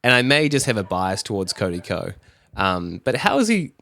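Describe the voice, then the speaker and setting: A man's voice: fairly low pitch, big pitch swings, normal speed, vocal fry, sharp tone. A man talking casually to camera, explaining online drama with rambling, self-deprecating asides. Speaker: commentary YouTuber.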